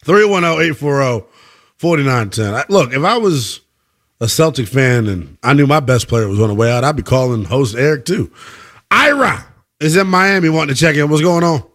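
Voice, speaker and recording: A man's voice: on the high side, lively intonation, normal speed, fairly bright tone. A man hosting a sports call-in radio show, casual and teasing, with a lot of slang. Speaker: radio sports talk host.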